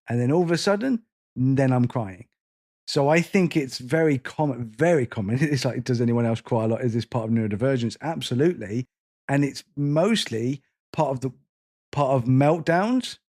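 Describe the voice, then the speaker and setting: A man's voice: on the high side, darkish tone. Emotional middle-aged man, podcast co-host. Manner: open, emotional, rambling with restarts. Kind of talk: casual podcast chat.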